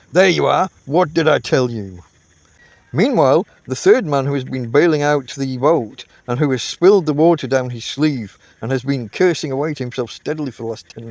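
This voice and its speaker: A man reading a classic comic novel aloud, telling the story in an unhurried, expressive way. His voice sits at an ordinary middle pitch, and the recording is dry and close with no room echo. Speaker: audiobook reader.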